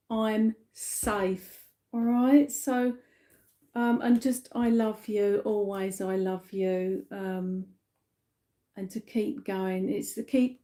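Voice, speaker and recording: A middle-aged woman giving a live psychic reading, talking slowly and emotionally as she relays messages. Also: a little high, warm tone. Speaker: psychic medium.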